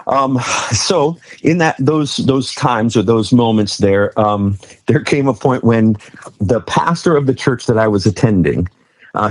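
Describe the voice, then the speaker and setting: Middle-aged male pastor, very low voice, earnest storyteller, dry close sound. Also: dry recording. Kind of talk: personal testimony in an interview.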